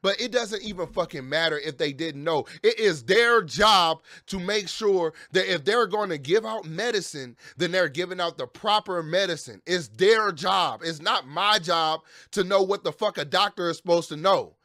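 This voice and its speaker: Angry vlogger dad, high voice, dry close sound, profane rant full of restarts. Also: male voice, moderate pace, few pauses, bright, forceful tone, no room sound. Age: adult with children. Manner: heated, profane, repeats and restarts phrases.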